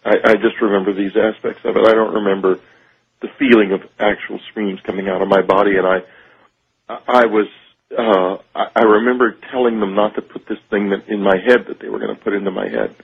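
A man telling a radio host about a personal experience, halting and searching for words. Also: lowish voice, steady tone, gravelly, slightly rough. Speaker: radio show guest. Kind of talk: phone-in interview, personal account. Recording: tinny phone line on radio.

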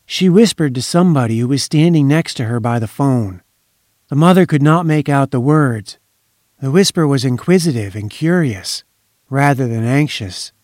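A man's voice: medium pitch, lively intonation, moderate pace, darkish tone, no room sound, clean studio sound. Man reading a solemn story. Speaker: narrator. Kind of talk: scripted narration of a story read aloud.

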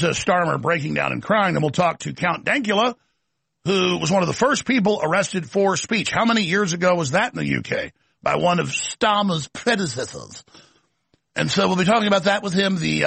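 A man's voice: on the high side, creaky, fairly bright tone, husky, no echo. A male host delivering a combative, scornful political commentary monologue.

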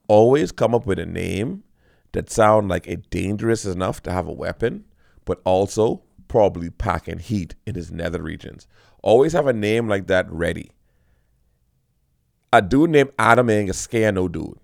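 Animated gravelly male comic. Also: on the low side, moderate pace, no echo, studio quality. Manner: animated, rambling, teasing, direct address. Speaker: comedian. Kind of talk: comedic monologue.

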